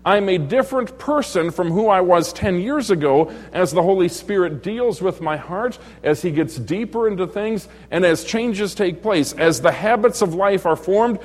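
High-voiced jovial man preaching in a hall. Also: expressive, moderate pace, few pauses. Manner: jovial and joking, chuckles often, teases the congregation. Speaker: pastor. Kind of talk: evening church lesson sermon. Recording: long hall reverb.

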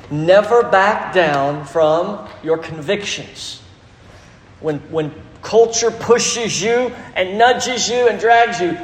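Pastor, drawl, middle-aged man, high tenor voice, storytelling sermon in a big reverberant church. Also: a little hiss or hum. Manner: storytelling, animated preaching with acted quotes. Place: large church hall. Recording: echoey hall, faint ambience.

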